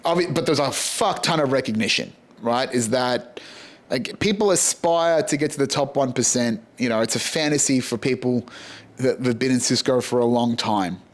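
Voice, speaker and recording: An Australian man hosts his own show and tells a story in a loose, chatty way. He swears freely and gets animated, putting on little voices for the people in it. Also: medium pitch, moderate pace. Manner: profane, animated, retells dialogue in voices. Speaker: podcast host. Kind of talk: casual storytelling.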